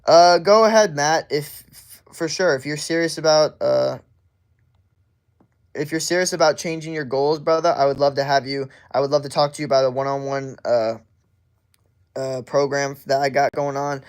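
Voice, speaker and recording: A man's voice: a little high, fairly even intonation, normal speed, smooth. A young man working as a fitness coach, talking in a casual livestream and giving rambling advice full of fillers and little acted quotes.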